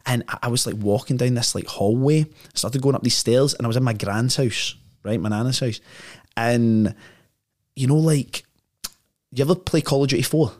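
A man's voice: mid-range voice, moderate pace, darkish tone. A man, a podcast guest telling a story in a casual, slangy way, full of "like" and "right?".

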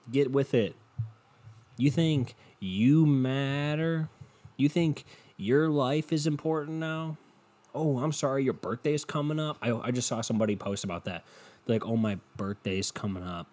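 A man's voice: medium pitch, a little slow, darkish tone. A young adult man hosting a solo podcast from home, ranting in a profane, sardonic and rambling way. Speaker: podcast host. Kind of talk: casual solo podcast rant.

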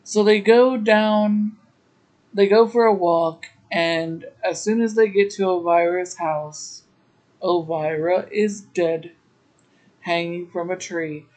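Woman podcaster rambling thru a recap, slow and easygoing, laughs a lot. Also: lowish voice, fairly even intonation, a little mellow, low-quality recording. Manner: chatty, laughing asides, slow drawn-out delivery. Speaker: podcast host. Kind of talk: casual episode recap.

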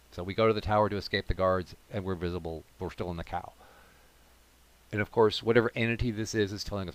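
A deep-voiced man recounts a tabletop game adventure in a casual, animated way, full of comic asides. His voice is low and recorded dry and close, with no room sound. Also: quick pace, dry recording. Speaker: tabletop gamer telling a story. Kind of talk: casual storytelling monologue.

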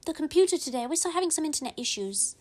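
A woman voicing a cheeky big sister pretending to be her little brother, talking quickly and stammering out excuses. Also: high-pitched, animated, a little mellow, voice pushed up. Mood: flustered.

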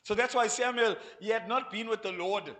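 A South African pastor preaches from a church pulpit at normal speed, his voice noticeably high for a man. Holding a handheld mic, he's animated, acting out voices and laughing as he goes.

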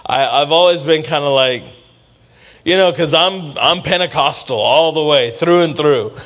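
A man preaching a sermon in a relaxed, talky way, voice pitched a bit above most men's. He keeps calling out to the congregation for a response and acts out the people in his stories. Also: a little slow. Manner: conversational preaching with call-and-response asides. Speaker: pastor.

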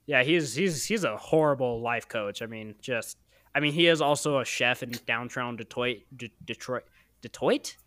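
A young man spins an off-the-cuff spooky tale, his voice bright and crisp and a little high, recorded dry and close. He rambles, corrects himself and drops jokey asides as he goes. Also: normal speed, no room sound. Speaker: host and storyteller. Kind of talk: improvised storytelling.

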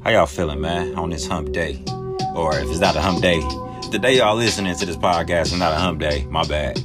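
A man's voice: low-pitched, a little fast, loud music behind the voice. A man hosting a podcast, ranting for comedy in slangy talk with exaggerated mock outrage. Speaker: podcast host. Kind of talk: comedic solo rant.

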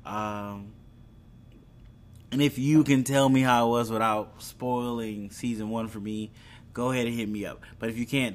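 A man's voice: mid-range voice, fairly even intonation, normal speed. A young man hosting a video, chatting casually about upcoming shows, rambling with fillers and restarts. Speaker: video host. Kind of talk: casual entertainment news chat.

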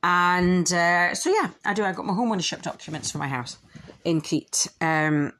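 A woman's voice: fairly low pitch, moderate pace. Candid, swearing woman podcaster. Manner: candid, swearing, animated quoting with laughs. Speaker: podcast host and author. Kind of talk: casual personal podcast monologue. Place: at home with a dog nearby.

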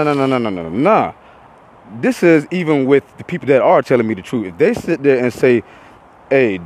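A man's voice: mid-range voice, a little mellow, slight background noise, rough recording. A young man hosting a podcast, delivering a heated, profane, repetitive rant. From Florida, USA. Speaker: podcast host.

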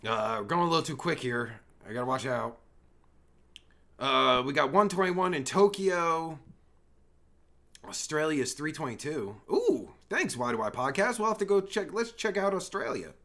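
A man hosting a livestream, trolling strangers on video chat in a crude, mocking way with loud bursts of laughter. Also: fairly high pitch, lively intonation, moderate pace. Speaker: livestream host.

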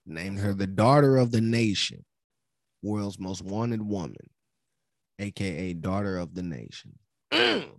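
A man with a fairly low voice reads a news report aloud for a podcast. He trips over names and stops to correct himself. The sound is dry and close. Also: animated, unhurried, long pauses, no room sound. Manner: stumbles and corrects himself while reading. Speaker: podcast co-host.

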